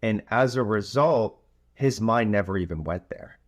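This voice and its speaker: Man, podcast coach, unhurried delivery, relaxed storytelling, filler phrases. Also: fairly low pitch, dry recording, clean studio sound. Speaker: youth soccer coach and podcast host.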